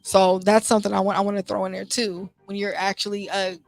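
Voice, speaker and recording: A woman's voice: medium pitch, little pitch movement, quick pace, gravelly, dry recording. Heartfelt young woman hosting a talk show. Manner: heartfelt, conversational, lots of "you know" and restarts. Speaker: host. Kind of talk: casual motivational talk show. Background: faint music.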